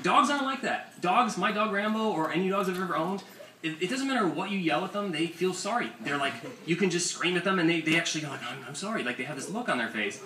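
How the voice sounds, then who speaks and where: A man's voice: high voice, lively intonation, quick pace, pushed and bright. A young man and comics author telling profane, self-mocking comic stories at a bookstore presentation. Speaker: comics author giving a talk. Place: bookstore event space, indoors. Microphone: audience camera far from the speaker. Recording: roomy, distant audience recording with ambient noise. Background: room ambience.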